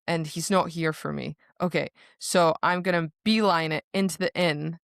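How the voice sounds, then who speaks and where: Gravelly low-voiced woman chatting about a book. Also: normal speed, no echo, clean studio sound. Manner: animated, acts out characters' lines with swearing and laughter. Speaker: podcast co-host. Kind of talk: casual book discussion.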